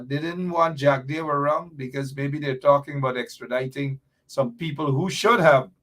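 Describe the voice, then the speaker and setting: A man hosts a live political talk show with animated, emphatic delivery. He drives his points home with rhetorical questions and sharp bursts of emphasis. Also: medium pitch.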